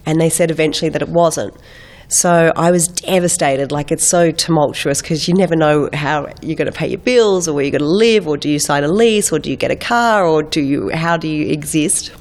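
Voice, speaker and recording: An Australian actress in her thirties chatting as an interview guest, animated and quick with impressions, still getting over a head cold. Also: deep voice. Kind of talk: casual chat.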